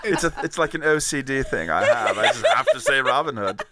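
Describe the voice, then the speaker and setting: A man doing a put-on English accent as a pompous, mock-dignified upper-class gentleman, chuckling between his lines. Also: medium pitch, expressive, a little fast, heavy background noise, lightly acted. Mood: posh, amused.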